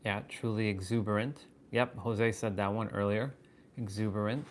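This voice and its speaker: A man hosting a livestream, musing aloud in halting, wondering phrases with bursts of excited swearing. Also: on the low side, a little hiss or hum. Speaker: fitness and wisdom livestream host. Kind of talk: live stream musing.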